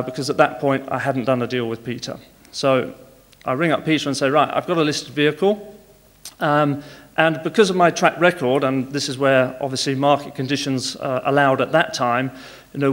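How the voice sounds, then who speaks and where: Frank man telling business stories in a hall. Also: medium pitch. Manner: frank, storytelling, wry. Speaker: conference speaker. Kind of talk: business talk with anecdotes.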